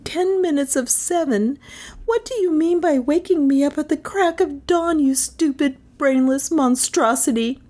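A frazzled, hot-tempered young woman, as a woman reader puts her on, her voice jumping high and shrill. She shouts and scolds in exasperation, far above the reader's own pitch. It sounds like a lively storybook reading. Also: slow, heavily acted. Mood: exasperated.

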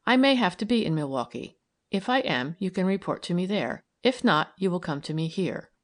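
A woman voicing a brisk, kindly woman parole officer who talks firmly and encouragingly. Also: on the low side, expressive, natural voice. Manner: firm, crisp and encouraging.

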